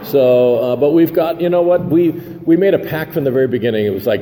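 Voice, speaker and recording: An older man telling his recovery story in a mellow, warm voice, rambling through fillers and restarts with self-deprecating humor. He is recorded in a reverberant meeting hall with faint noise underneath. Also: medium pitch, moderate pace, hardly any pauses. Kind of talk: personal recovery share.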